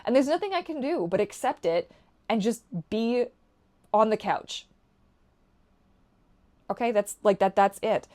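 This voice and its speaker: A young woman from Canada talking candidly to camera in a rambling vlog, swinging from quiet asides to loud ranting and swearing. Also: a little high, expressive, unhurried, long pauses. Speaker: vlogger.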